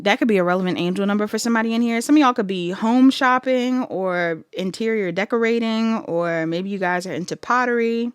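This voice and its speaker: A tarot reader gives her viewers a casual pick-a-card reading, chatty and quick to laugh, thinking aloud as she goes. Her medium-pitched voice has a clean tone, captured in studio quality with no room sound.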